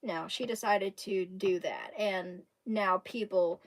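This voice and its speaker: A woman's voice: medium pitch, slow. A young woman from Kentucky with a Southern accent, chatting casually with her stream viewers in a rambling way and laughing often. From Kentucky, USA. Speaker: live streamer.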